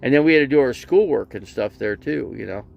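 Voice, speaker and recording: Gravelly guy rambling through a story, lots of you know, voice jumps all over. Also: medium pitch, lively intonation, fairly quick, highs cut off. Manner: acts out both sides of a remembered conversation. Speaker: RV vlogger. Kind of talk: casual storytelling livestream.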